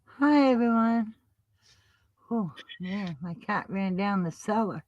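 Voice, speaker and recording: A woman's voice: medium pitch, animated, takes it slowly, darkish tone, no echo, lo-fi sound. A woman co-hosting a casual livestream, chatty and giggly, a little out of breath. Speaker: livestream co-host.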